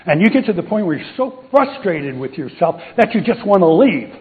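A man's voice: high voice, sing-song, normal speed. A man preaching a casual sermon, telling a Bible story, acting out the voices and joking with the audience. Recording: tinny phone-like sound.

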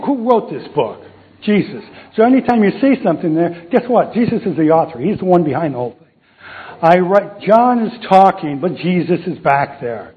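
High-pitched guy preaching, jokey, keeps asking the crowd questions, sounds like it's over a phone line. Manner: jokey, quizzes the congregation. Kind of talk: sermon. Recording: tinny phone-like recording.

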